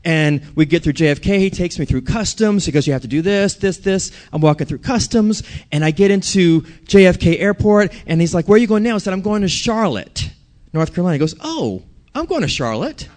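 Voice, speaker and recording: Guy preaching, tells a story, slightly high voice, asks the crowd stuff. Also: animated, brisk, a little mellow. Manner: storytelling, talks to the audience with questions. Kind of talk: sermon with personal story.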